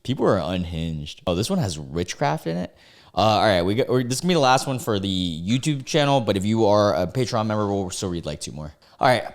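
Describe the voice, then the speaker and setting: A man's voice: on the low side, big pitch swings, brisk. A young man giving casual, laughing reaction commentary on online posts, incredulous and slangy. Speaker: YouTuber reading out online posts.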